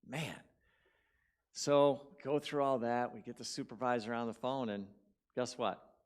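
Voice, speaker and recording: Guy telling a story in a sermon, mid pitch, gets loud then real quiet, repeats words a lot. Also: slow, long pauses, smooth. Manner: animated, swings between loud bursts and quiet drops; conversational, repeats words for emphasis. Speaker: guest speaker. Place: church sanctuary.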